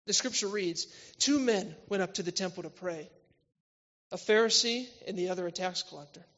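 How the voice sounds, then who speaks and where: Male preacher, church sermon, emphatic then hushed, long hall reverb, slightly muffled sound. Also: high-pitched, moderate pace. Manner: swings between loud emphatic lines and quiet intimate ones.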